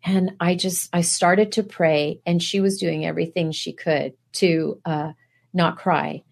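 Woman, middle-aged, guest preacher; slow, deliberate, earnest, asks the room rhetorical questions. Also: fairly low pitch, fairly even intonation, creaky. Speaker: guest speaker. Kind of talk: preaching testimony.

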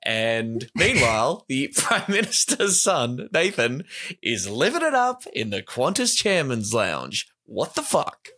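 A man co-hosting a casual comedy podcast, animated and jokey, swearing freely. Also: mid-range voice, slow.

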